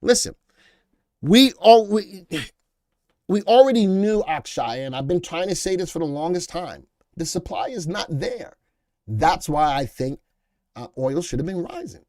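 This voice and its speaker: A man's voice: sits high, lively intonation, unhurried, a little mellow. A middle-aged man hosting a live stock market stream. He reads headlines aloud, answers viewers in chat, and pushes his voice up hard when he makes a point. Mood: emphatic.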